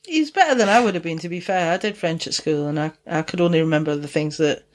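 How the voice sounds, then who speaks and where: A woman's voice: low-pitched, quick pace. A Scottish woman from Dundee, with a Dundonian accent touched by Geordie, co-hosting a podcast in casual, sweary, rambling chat and laughing often. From Scotland. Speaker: podcast co-host.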